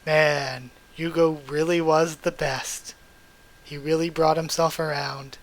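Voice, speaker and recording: A man's voice: fairly high pitch, flat delivery, takes it slowly. A man reading a comic aloud for his channel, reacting emotionally between panels, his voice strained. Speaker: YouTuber reading manga aloud. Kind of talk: comic readthrough with commentary.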